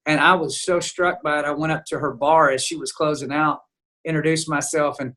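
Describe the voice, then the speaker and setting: A man being interviewed as a guest songwriter, telling an animated story and acting out the dialogue. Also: a little high, fairly quick. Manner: lively storyteller who acts out quoted dialogue. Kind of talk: animated storytelling in casual chat.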